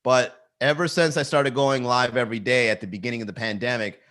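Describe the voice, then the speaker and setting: Talking to a camera in his garage, this male comedian hosts a casual solo livestream, riffing and chuckling at his own jokes. His medium-pitched voice is a bit bright, fairly even in intonation, and a little fast.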